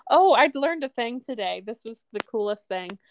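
A woman's voice: on the high side, expressive, a little slow, a little hiss or hum. A woman from the American Midwest co-hosting a podcast, chatting casually and laughing often. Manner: chatty, laughs often, fillers like "you know". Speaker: podcast co-host. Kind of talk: casual chat.

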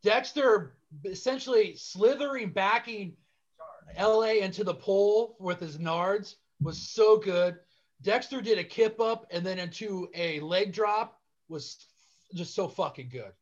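A man's voice: sits high, measured pace. A man guest-hosting a casual wrestling chat, enthusiastic and swearing, repeating how good it was. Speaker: guest co-host. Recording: dull lo-fi sound.

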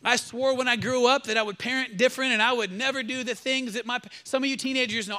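High-voiced, emphatic male preacher. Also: steady tone, quick pace, hardly any pauses, pushed and bright. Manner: emphatic and exhortative, leading the congregation in call-and-response. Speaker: pastor. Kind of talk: sermon. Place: church service.

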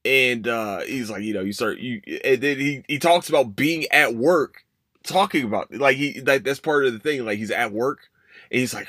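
A man's voice: medium pitch, moderate pace, fairly bright tone, no room sound. Young guy rambling thru a story on his podcast, swears then says sorry, dead dry mic. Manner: rambling, curses and apologizes, voices his own past thoughts. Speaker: podcast host. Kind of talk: casual storytelling.

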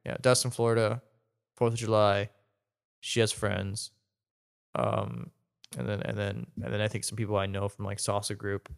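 A man's voice: lowish voice, flat delivery, normal speed, vocal fry, pauses often, clear, resonant tone. A man co-hosting a podcast in casual, loose chat, swearing freely and laughing often. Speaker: podcast co-host.

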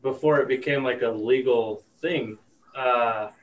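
A man in casual podcast chat telling slow, rambling anecdotes. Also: mid-range voice, recorded from a distance, muffled recording.

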